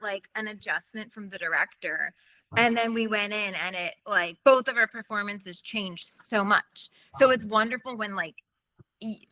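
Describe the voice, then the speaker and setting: A bright-voiced woman talking casually about her acting work in an interview. She is chatty and laughs a lot, and she acts out her own thoughts in quick little voices. The recording is dry and close. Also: mid-range voice, no echo. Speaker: actress, interview guest.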